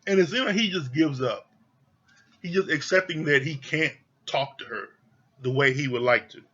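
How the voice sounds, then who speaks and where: A man's voice: a little high, normal speed, sharp tone, lo-fi sound. A man giving a casual, blunt TV review rant, swearing freely and sounding exasperated. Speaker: reality TV reviewer.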